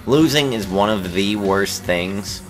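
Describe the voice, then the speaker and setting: A young man giving let's play commentary on a baseball game, swearing and shouting in frustration at his team. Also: lowish voice, lively intonation, slow pace, soft background music, poor audio. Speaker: gaming channel host.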